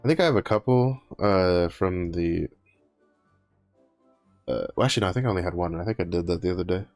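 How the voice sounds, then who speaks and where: A male game streamer talks through his play in a low, loose ramble, full of "uh" and restarts. His voice is dry and close to the mic, with quiet music running underneath. He sounds a little tired and unhurried. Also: dry recording. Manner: rambling, many fillers and self-corrections; yawning, tired. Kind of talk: casual live-stream commentary.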